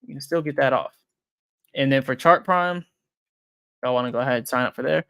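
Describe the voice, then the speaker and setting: A young man talks casually on a livestream, rambling and thinking out loud with plenty of "um" and "like." His voice sits at a middling pitch and sounds dry and close, with no room around it. He comes across frank and a bit self-deprecating. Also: a little fast, creaky, smooth, no room sound. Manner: loose and rambling, thinks aloud with many fillers and restarts. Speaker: crypto trading livestream host. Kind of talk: casual livestream chat, reading viewer comments.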